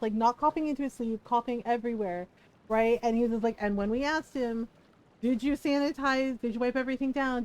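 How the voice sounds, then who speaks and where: High-voiced chatty middle-aged woman. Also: rough recording. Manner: animated, profane, laughing retelling. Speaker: live streamer. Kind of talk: casual storytelling chat.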